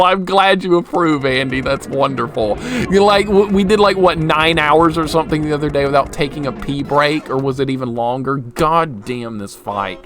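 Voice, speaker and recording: His voice sits on the high side and sounds a bit bright, with a moderate pace and hardly any pauses. He's a young man doing live commentary on a retro game he's playing, reacting with frustration and humor while replying to chat over game music.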